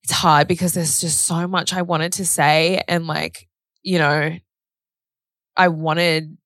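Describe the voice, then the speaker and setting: Speaking slowly in a level tone, a young woman with a low, slightly bright voice co-hosts a podcast. Her casual chat is candid and emotional, packed with "like" and the odd curse. The sound is dry and studio-clean.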